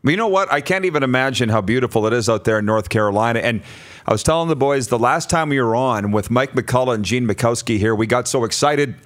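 A man's voice: medium pitch, fast talker. A man hosts a casual talk show with a mid-range voice. He is chatty and upbeat, and he keeps the conversation moving with friendly questions.

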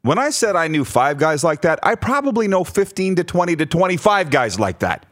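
Animated laughing radio host. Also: male voice, fairly high pitch, fairly quick, no echo, clean studio sound. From Saskatchewan, Canada. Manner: animated, laughs often, reads listener messages. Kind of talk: casual sports radio banter. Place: radio studio.

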